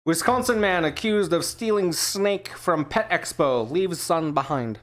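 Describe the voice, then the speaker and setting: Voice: mid-range voice, animated, measured pace. A podcast co-host reading news headlines aloud in a casual, profane, joking chat. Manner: playful, profane, acts out scenes in funny voices.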